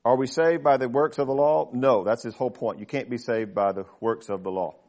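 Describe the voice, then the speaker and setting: Relaxed man teaching a Bible class. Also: mid-range voice, brisk. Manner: relaxed, explains verses plainly and checks in with listeners. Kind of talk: conversational Bible study teaching. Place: small group class.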